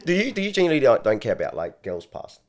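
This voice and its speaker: A man hosting a casual podcast chat, asking probing questions between quick agreeing interjections. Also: medium pitch, huge pitch swings.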